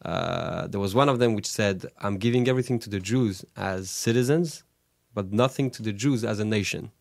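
A man speaking as an interview guest, halting and searching for his words in a relaxed conversation. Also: fairly low pitch, creaky, no echo, studio quality.

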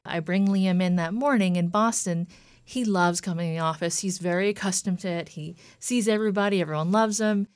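Woman in her thirties, low voice, dry close sound, earnest storytelling, quotes others. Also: a little fast, a little mellow, clean tone, no room sound. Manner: earnest, retelling with quoted dialogue. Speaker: guest. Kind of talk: personal story in an interview.

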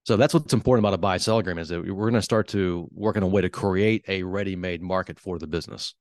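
A man who works as a wealth advisor, explaining business topics on a podcast in a measured, earnest way. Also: low voice, darkish tone, no room sound. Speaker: wealth advisor, show host.

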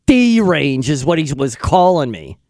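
A man hosting a radio show, talking in an excitable, self-deprecating way. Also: on the high side, a little slow, no room sound, clean studio sound. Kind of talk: casual radio chat.

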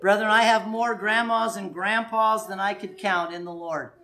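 A man preaching a sermon in a conversational, animated way, with sudden quiet asides. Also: high-pitched, moderate pace. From United States.

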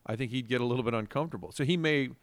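A man's voice: mid-range voice, very fast, no room sound. A man co-hosting a casual podcast chat, a chatty storyteller who drops into impressions of people he talks about. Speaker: radio co-host.

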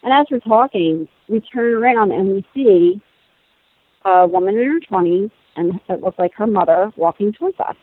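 Animated woman telling a story by phone. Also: mid-range voice, moderate pace, breathy edge, no echo. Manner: animated, laughing, acts out quoted voices. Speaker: guest telling a personal story. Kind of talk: conversational storytelling. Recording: tinny phone-like sound.

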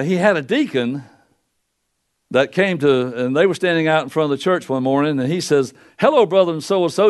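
An older man delivers a sermon into a pulpit microphone. His voice sits a little high, and his folksy, storytelling manner swings from loud declarations to low, quiet asides. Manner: folksy preaching with wide swings in pitch and loudness. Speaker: pastor.

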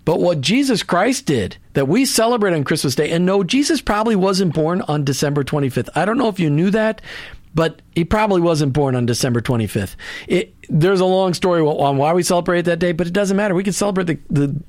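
A man's voice: high voice, expressive, fairly quick, darkish tone, no room sound. A man hosting a Christian radio talk show, speaking earnestly in a preachy way, with many restarts and asides into a studio microphone.

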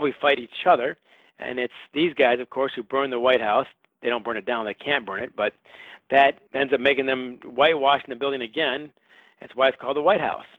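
A male author being interviewed as a guest answers in a medium-pitched voice, relating history wryly in a storytelling way. The audio is phone-like and has no echo.

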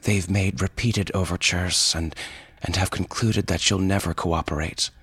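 A man's voice: low-pitched, fairly even intonation, a little slow, a bit bright, slightly rough, no echo, full character voice. A man voicing a cold, composed female assassin from the future, speaking in a clipped, defiant way in an audio fiction reading. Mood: sharp.

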